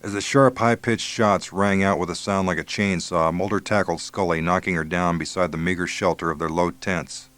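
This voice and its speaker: A man narrating an audiobook in a measured, low-key way. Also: fairly even intonation, fairly bright tone.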